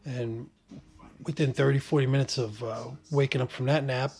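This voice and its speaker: A man vlogging about his own surgery in a relaxed, joking way, with many ums and restarts. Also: mid-range voice, moderate pace. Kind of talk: casual first-person storytelling.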